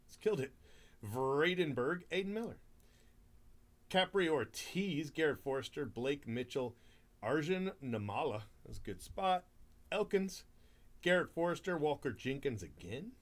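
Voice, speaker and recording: A man's voice: on the high side, big pitch swings, measured pace. A man hosting a live card break stream, chatting casually, laughing often and rattling off player names.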